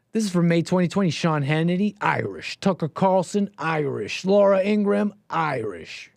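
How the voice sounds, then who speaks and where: A man with a fairly high-pitched voice rambles through casual livestream commentary, sarcastic and mocking, reading posts aloud and slipping into mock voices. The sound is dry and close. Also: lively intonation, normal speed, gravelly, hardly any pauses, darkish tone, dry recording. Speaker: livestream host.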